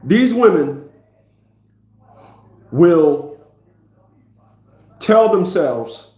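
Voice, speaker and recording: A man's voice: on the high side, very animated, very slow, mellow, roomy sound. A man in his fifties ranting in a preachy, profane monologue, often repeating himself. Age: 50s. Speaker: vlogger.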